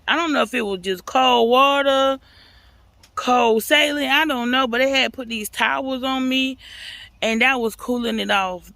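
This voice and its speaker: Bright-voiced woman telling a story. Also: fairly high pitch, dry recording. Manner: animated, talks straight to viewers. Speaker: vlogger. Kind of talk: casual storytelling to camera.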